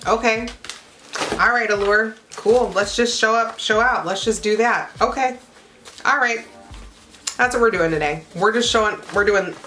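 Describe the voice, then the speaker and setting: A young woman chatting excitedly as she unboxes beauty products for her channel, gushing and exclaiming with lots of fillers. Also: fairly high pitch. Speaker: beauty vlogger.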